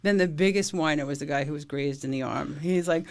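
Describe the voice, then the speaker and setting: Gravelly middle-aged woman, blunt first responder telling war stories, chatty. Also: low-pitched, a little fast, a little mellow. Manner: blunt, talkative, laughs often. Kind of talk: casual storytelling interview.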